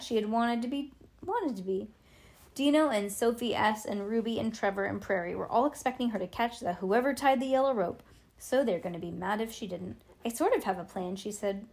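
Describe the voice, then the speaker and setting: A woman's voice: mid-range voice, a little mellow. A woman reading a children's book aloud in a playful way, adding chatty asides to her listener. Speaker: storybook reader.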